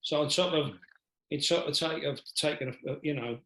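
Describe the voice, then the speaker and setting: A man's voice: on the high side, moderate pace, bright, forceful tone. A man hosting an interview podcast, sympathetic, repeating himself and trailing off as he reacts. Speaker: podcast host. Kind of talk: interview conversation. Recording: roomy echo.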